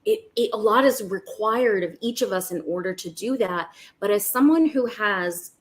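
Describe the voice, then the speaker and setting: A woman's voice: mid-range voice, moderate pace. Bubbly woman guest on a podcast, gushes and laughs a lot, easy chat. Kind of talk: casual spiritual podcast chat.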